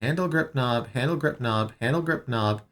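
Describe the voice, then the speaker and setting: A man's voice: mid-range voice, normal speed, fairly bright tone. A man studying on a stream, thinking aloud with many fillers as he sounds out foreign words and translates them. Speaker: language learner streaming his study. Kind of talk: casual self-study narration.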